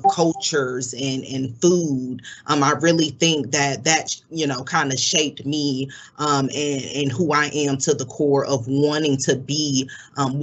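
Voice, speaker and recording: Bright-voiced man hosting a webinar. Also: fairly high pitch. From Florida. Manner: reflective, many fillers and restarts. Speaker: webinar host. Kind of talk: webinar moderation. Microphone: video call.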